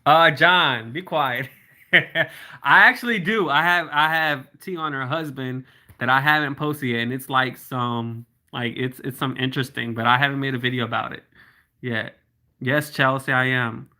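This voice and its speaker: With a bright, forceful, mid-range voice, a man hosts a casual livestream, reading viewer comments and answering them chattily. When he spells out links, he slows down.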